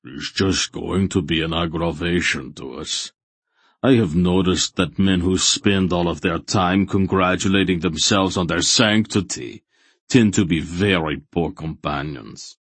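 A big, blunt, red-bearded warrior who has no patience for sanctimony, as a narrator puts him on. The voice is deep and slow-moving, with a husky grain. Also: male voice, a bit bright, dry recording, exaggerated voice. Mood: impatient. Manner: blunt, impatient. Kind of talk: audiobook character voice.

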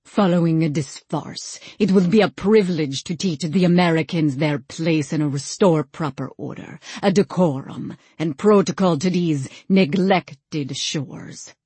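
A woman's voice: deep voice, measured pace, few pauses, mellow, breathy edge, no echo. A woman voicing a haughty, stiffly formal male vampire duelist in an audiobook. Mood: indignant.

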